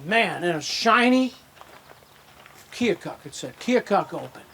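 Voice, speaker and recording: High and sharp in tone, with lively intonation and an unhurried pace, an older man's voice comes through with a little hiss or hum. Inducted into a hall of fame at an outdoor disc golf course ceremony, he rambles through stories, acting out the dialogue.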